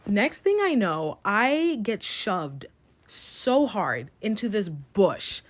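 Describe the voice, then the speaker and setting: Young woman doing a storytime vid, swears a lot, super candid and animated, mid pitch. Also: slow, slight background noise. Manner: candid, profane, animated retelling. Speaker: storytime vlogger. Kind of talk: casual storytelling.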